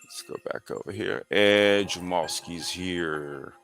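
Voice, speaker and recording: Bright-voiced laid-back male host. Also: low voice, slow, faint music behind. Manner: laid-back, slangy, reads history aloud with frequent fillers. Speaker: podcast host. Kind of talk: casual sim racing chat.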